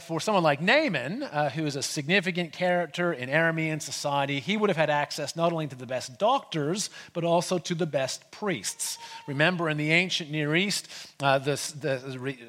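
Male preacher, conversational sermon delivery, a bit high-pitched, long reverb of a church hall. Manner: conversational, animated retelling with asides.

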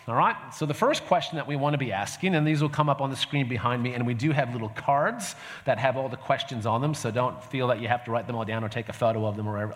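A man giving a conversational teaching talk to a church group, often checking in with the audience. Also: mid-range voice. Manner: conversational, fillers and restarts, asks audience "right?". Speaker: pastor. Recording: reverberant hall sound.

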